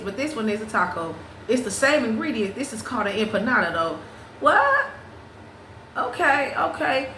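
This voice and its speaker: A woman hosting a casual chat, talking in an animated, profane way, restarting her sentences and breaking into sung snippets. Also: on the high side, slight background noise. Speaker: podcast host. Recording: roomy echo with faint ambience.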